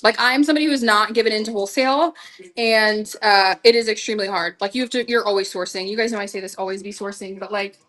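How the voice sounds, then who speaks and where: A woman's voice: mid-range voice, steady tone, quick pace, a bit bright, low-quality recording. A young woman in her twenties hosting a live vintage clothing sale, chatting casually and gushing to her viewers. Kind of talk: casual live-selling chat.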